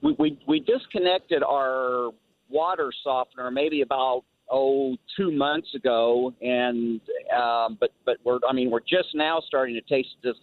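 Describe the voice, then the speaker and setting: A man's voice: medium pitch, animated, unhurried, no room sound. Man, radio caller, hesitant, stumbling over words, tinny phone line, dry. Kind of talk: phone call-in question. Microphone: telephone.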